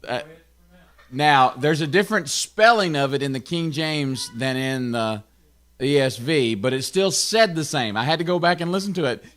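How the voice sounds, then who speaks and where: A man with a Tennessee accent giving a conversational Bible study, often checking in with his listeners and adding quick asides. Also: fairly high pitch, a bit bright. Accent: Southern US, Tennessee. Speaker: pastor.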